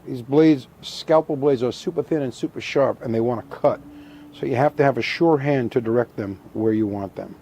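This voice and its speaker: A middle-aged man calmly demonstrating a hands-on craft step by step, methodical and repetitive with a touch of dry humor. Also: mid-range voice, normal speed, slight background noise. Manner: calm, methodical, repeats instructions, dry humor. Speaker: taxidermy instructor.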